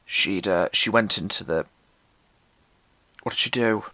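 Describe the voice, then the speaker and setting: Speaking a little slowly in a pushed, bright voice with no room sound, a male podcast host shares irreverent, self-mocking personal stories. He swears freely and acts out people's words in a jumpy pitch.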